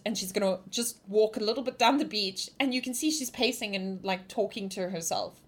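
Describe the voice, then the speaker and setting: A woman's voice: a little high, moderate pace, few pauses. A woman narrating as game master of a tabletop game, in a loose, casual manner full of fillers.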